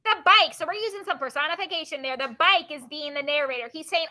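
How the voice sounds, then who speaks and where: A woman's voice: sits high, quick pace, hardly any pauses, pushed and bright. A woman teacher reading a book of poems aloud to her class, stopping to ask students questions and explain.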